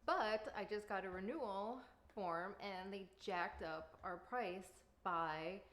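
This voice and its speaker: A woman's voice: mid-range voice, takes it slowly, fairly bright tone. A woman in her thirties chatting casually to camera while baking at home, rambling with lots of fillers. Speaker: vlogger and mother. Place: home kitchen.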